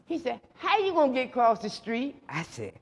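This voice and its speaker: Middle-aged guy, high voice, telling funny stories in an echoey hall, does all the voices himself. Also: fairly quick, slight background noise. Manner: animated storyteller acting out both sides of the dialogue; colloquial, laughing through his stories. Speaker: recovery speaker. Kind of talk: storytelling talk to a live audience.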